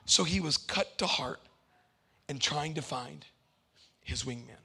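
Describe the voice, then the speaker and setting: Male preacher, bright and edgy tone, animated, joking with his congregation. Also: on the high side, unhurried, creaky, long pauses, husky. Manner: animated preaching, swings from loud to hushed; playful asides to the congregation. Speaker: pastor. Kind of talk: sermon.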